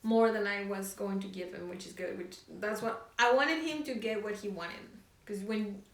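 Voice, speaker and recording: A woman's voice: medium pitch, moderate pace. A woman co-hosting a casual knitting chat show, talking in a rambling, filler-heavy way. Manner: chatty, rambling, many fillers. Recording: echoey room, distant mic.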